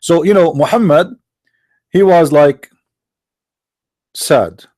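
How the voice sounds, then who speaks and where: Sarcastic man with a high voice. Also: slow pace, dark tone. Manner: sarcastic, mocking, jeering. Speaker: online commentator. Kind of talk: mocking rant.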